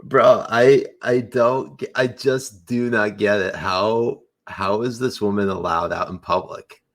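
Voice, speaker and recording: A man's voice: lowish voice, fairly even intonation, a little slow. A man co-hosting a podcast, chatting sarcastically, saying yo and bro, laughing often and reading tweets aloud. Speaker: podcast co-host. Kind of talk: casual political chat, reading tweets aloud.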